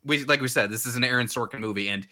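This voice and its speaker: Bright-voiced man, repeating words. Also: medium pitch, fast. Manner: repeats words as he gathers thoughts. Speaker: podcast co-host. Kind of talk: casual movie discussion.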